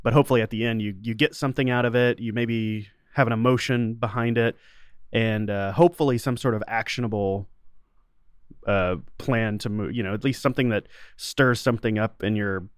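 A man's voice: fairly low pitch, steady tone, fairly quick, clear, resonant tone, dry recording, clean studio sound. A middle-aged man talking casually as an interview guest, rambling with many restarts and fillers. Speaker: podcast host and sound designer, interview guest.

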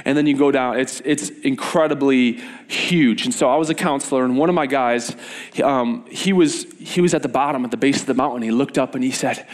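Young man, youth pastor, energetic sermon, animated storytelling, medium pitch. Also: a little fast.

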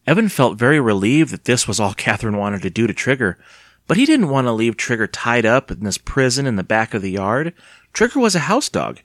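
A man narrating an audiobook in an expressive, dramatic storytelling manner. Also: on the low side, fairly quick, no room sound, studio quality. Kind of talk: audiobook reading.

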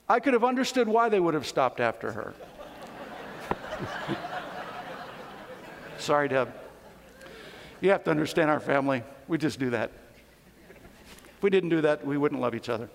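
A man's voice: on the high side, expressive, moderate pace, creaky, pauses often, slight background noise. A man in his fifties preaching a sermon in a church, telling stories in a conversational way. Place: church sanctuary. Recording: long church hall reverb.

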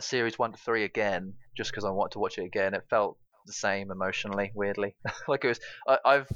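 A man's voice: lowish voice, a bit bright, no room sound, dull audio. A man co-hosting a gaming podcast, rambling loosely in casual chat. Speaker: podcast co-host.

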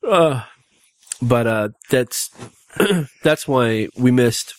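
A man's voice: medium pitch, expressive, extremely slow, no echo, clean studio sound. A man hosting a casual podcast, rambling with many fillers and restarts while talking after having two back teeth pulled. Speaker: podcast host.

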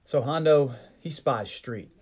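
A man's voice: mid-range voice, slow, a little mellow. A man hosting a podcast, recapping a movie in casual chat and joking as he tries out character voices. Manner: joking, mock-doing character voices and accents. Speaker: podcast host.

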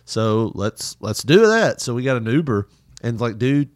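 A man's voice: medium pitch, very animated, a little slow, no room sound, clean studio sound. A man in casual podcast chat, telling loose rambling travel stories with frequent laughter and swearing.

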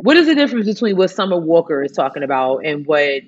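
A woman in casual chat, talking in an animated, rambling way with many fillers. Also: deep voice, quick pace, dull audio.

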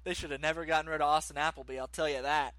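A man co-hosting a podcast, chatting casually about sports with animated, ranting opinions. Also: a little high, very fast, no echo. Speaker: podcast co-host.

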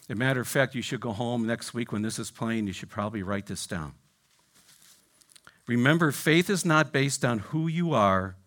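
Male pastor, fiery sermon voice with a wide, lively pitch swing; goes from loud exclamations down to near-whispers. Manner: repeats "right?" and "I mean" to engage listeners.

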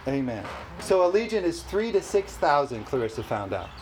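High-voiced animated male preacher. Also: normal speed, a little hiss or hum, rough recording. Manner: animated, exclamatory, laughs often. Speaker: pastor. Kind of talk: sermon. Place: church service.

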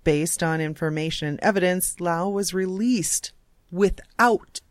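A woman's voice: on the low side, unhurried, no echo, clean studio sound. A woman co-hosting a podcast who reads news aloud and teases the others. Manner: laughs often, teasing. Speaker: podcast co-host. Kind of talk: casual chat and newsreading.

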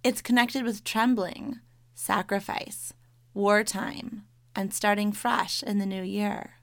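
A woman co-hosting a podcast, reading scripted documentary narration in a measured, informative way. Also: mid-range voice, fairly even intonation, no room sound. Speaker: podcast co-host.

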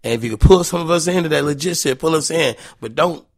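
A man's voice: fairly high pitch, fast, no room sound, studio quality. A man guest telling casual, profane stories with frequent laughs. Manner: loose, profane, laughing anecdotes. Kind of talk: casual storytelling.

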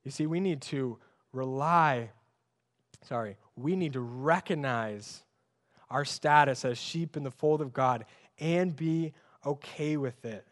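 A man's voice: mid-range voice, slow pace. A young man preaching a sermon as pastor, conversational and emphatic, with many rhetorical questions.

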